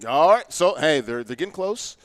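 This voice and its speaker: A man's voice: fairly high pitch, lively intonation, normal speed, fairly bright tone, no echo. A man giving casual live game commentary, easygoing and joking as he calls the plays. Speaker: esports commentator.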